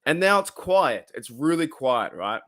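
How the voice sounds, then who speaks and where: A man's voice: on the high side, big pitch swings, a little slow, a bit bright, no room sound, studio quality. Australian man chatting casually on a live stream. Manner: rambling, greets chat viewers, frequent fillers. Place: his room at home.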